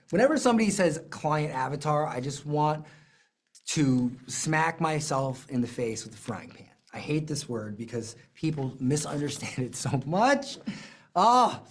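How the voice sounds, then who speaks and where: Animated coach teaching a class, pitch all over the place, jokey self-deprecating asides. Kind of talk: live coaching lesson.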